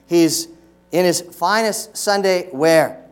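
Casting: middle-aged male pastor, conversational preacher, slightly raised pitch, asks the pews lots of questions. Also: takes it slowly, clear, resonant tone. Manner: acts out scolding voices to make a point. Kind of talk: sermon. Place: church sanctuary.

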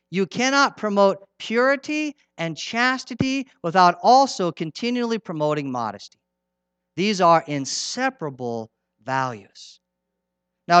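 A middle-aged man preaching a sermon in an earnest, emphatic way, repeating his key lines and dropping from loud to hushed. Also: high voice, clear, resonant tone, no room sound.

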